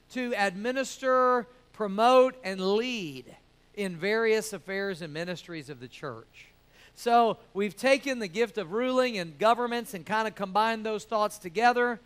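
A man's voice: high voice, fairly bright tone, clear, resonant tone. A man preaching to a church class, keeping it jokey and calling out "amen?" and "right?" to the room. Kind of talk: sermon.

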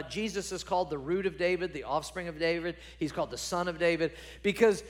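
A man with a notably high voice preaches a sermon to his congregation. He is emphatic and earnest, repeating words as he builds his points and turning to the church with direct questions. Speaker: pastor.

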